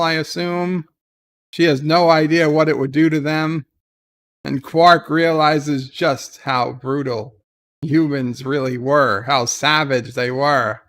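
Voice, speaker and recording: Here a man with a slightly high, a bit bright voice keeps a steady tone and takes his time. During his casual live episode commentary, he retells scenes in a loose way, full of "uh" and "like," and answers viewers' chat messages as they come up.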